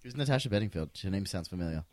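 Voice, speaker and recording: A man co-hosting a casual podcast, joking and teasing his friends with deadpan asides. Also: low-pitched, rapid-fire, dry recording. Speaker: podcast co-host. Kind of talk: casual banter. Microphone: studio mic, one shared channel.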